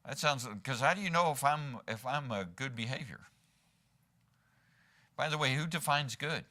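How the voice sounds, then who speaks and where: Man, pastor, conversational sermon, rhetorical questions, bright tense tone, church. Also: mid-range voice, animated, moderate pace. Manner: conversational, peppered with rhetorical "right?". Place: church sanctuary.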